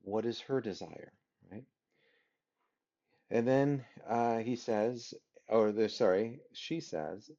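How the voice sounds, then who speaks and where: A man's voice: mid-range voice, slow pace, long pauses, warm tone. Man lecturing on literature, dull lo-fi sound. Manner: keeps asking the listeners rhetorical "right?" questions. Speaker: literature teacher. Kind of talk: recorded class lecture. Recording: dull lo-fi recording.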